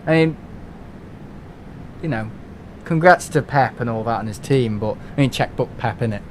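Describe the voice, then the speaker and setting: English guy rambling on his live stream, mid pitch, faint rumble behind. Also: normal speed. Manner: chatty, rambling, many restarts and fillers. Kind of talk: casual live-stream chat.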